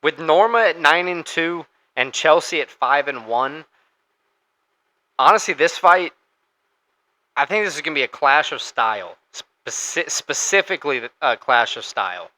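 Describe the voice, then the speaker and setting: A man's voice: on the high side, expressive, a little slow, pushed and bright, low-quality recording. A man co-hosting a casual sports podcast, talking through fight picks in a loose, conversational way with fillers and restarts. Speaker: podcast co-host.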